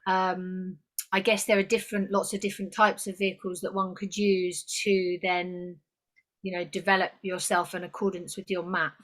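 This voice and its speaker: A woman's voice: lowish voice, level tone, moderate pace, fairly bright tone. A woman on a video call asking the host questions, hesitant and full of fillers. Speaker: webinar participant. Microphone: computer mic on a video call.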